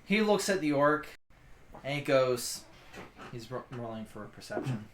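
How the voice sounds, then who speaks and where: A woman narrating a tabletop game as game master, animated with laughing asides. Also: extremely low pitch, moderate pace. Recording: echoey room, faint noise.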